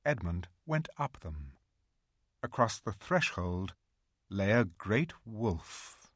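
A storyteller reading a children's fantasy book aloud, slow and dramatic. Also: low-pitched, sing-song, husky, dry recording, clean studio sound.

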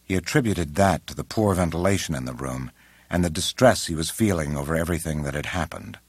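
A man narrating an audiobook in a measured, unhurried way, recorded close on a studio mic. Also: rumbling low, breathy edge, dry recording. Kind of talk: scripted narration.

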